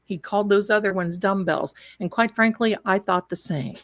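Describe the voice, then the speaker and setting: A woman from Tennessee, telling a story in a lively, laughing way on a live stream. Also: medium pitch, normal speed. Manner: animated, laughing, quotes others in put-on voices. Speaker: storyteller guest.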